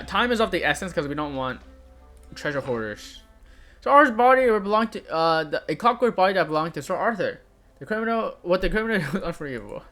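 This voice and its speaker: A man's voice: fairly high pitch, sharp tone. A young man playing a video game, reading the characters' lines aloud with light voicing and breaking off into laughs and puzzled asides. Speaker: gamer. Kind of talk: let's play commentary, reading game dialogue aloud.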